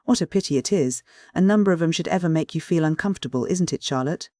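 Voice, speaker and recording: A man's voice: a little high, fast talker, darkish tone, dry recording, lightly acted. Man playing a tipsy lazy young lout, lolling then whiny and cowardly, dry storybook read.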